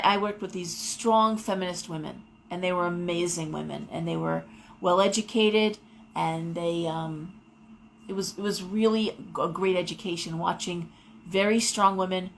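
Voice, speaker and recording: A woman's voice: mid-range voice, gravelly, a little hiss or hum, poor audio. A middle-aged woman hosting a live tarot show, talking casually and wandering off into personal stories. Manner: rambling, digressive storytelling. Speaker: tarot reader host.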